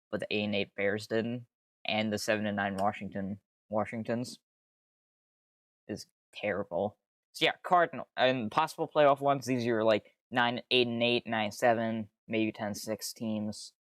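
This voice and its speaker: A young man with a lowish voice streams casually, recorded at studio quality with no echo. His live commentary rambles and drifts off track, and he swears freely in exasperated outbursts.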